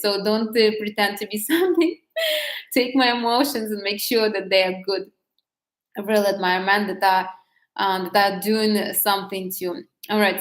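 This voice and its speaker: A woman talks frankly and casually, circling back on her own words as she goes. Her voice sits in an ordinary middle pitch. The room around her carries a noticeable echo. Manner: candid and chatty, with many restarts and laughs. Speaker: vlogger giving dating advice. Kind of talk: casual talk to camera.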